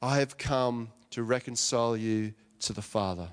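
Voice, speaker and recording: A preacher voicing the words of Jesus in a softer, slower, lower voice during a sermon. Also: male voice, clear, resonant tone, natural voice. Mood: gentle. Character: gentle male Jesus, calm teacher. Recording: long hall reverb.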